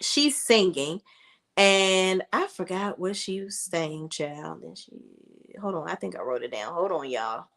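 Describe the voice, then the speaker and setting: Animated woman TV recapper, casual and exclaiming, lively swooping pitch. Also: measured pace. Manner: animated, exclaiming, acts out characters' lines. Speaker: TV recap host.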